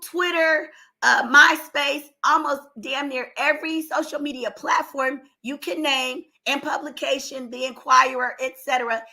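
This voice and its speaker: An older woman vlogs opinionated commentary in a high, bright, pushed voice with vocal fry. She sounds strained and exasperated, speaking emphatically and rising into outbursts.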